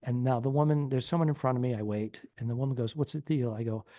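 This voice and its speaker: A man's voice: mid-range voice, quick pace, warm tone, no echo, studio quality. A man co-hosting a comedy podcast, telling a long rambling story in casual chat and acting out the people in it. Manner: rambling anecdote, acts out quoted people. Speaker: podcast co-host.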